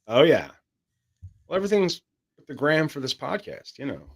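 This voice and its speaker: A man's voice: on the high side, big pitch swings, normal speed, husky. A man co-hosting a podcast in casual, joking banter, swearing freely. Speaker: podcast co-host.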